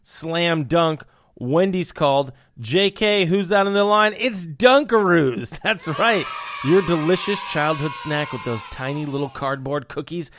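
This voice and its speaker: A man's voice: on the high side, measured pace, fairly bright tone. A young man hosting a podcast, riffing on news with puns and hyped, jokey asides. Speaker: podcast host. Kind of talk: comedic news commentary.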